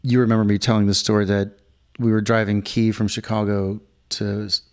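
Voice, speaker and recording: A man's voice: fairly low pitch, level tone, a little fast. A middle-aged man co-hosting a casual podcast chat, rambling through a story and acting out what others said. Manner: rambling storyteller, acts out quotes. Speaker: podcast co-host. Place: hotel room.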